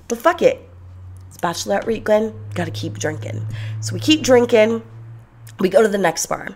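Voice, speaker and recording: A woman's voice: mid-range voice, moderate pace, pauses often. Blunt, sarcastic young woman telling stories. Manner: blunt, profane, sarcastic and animated. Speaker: vlogger telling a personal story. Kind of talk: casual storytelling.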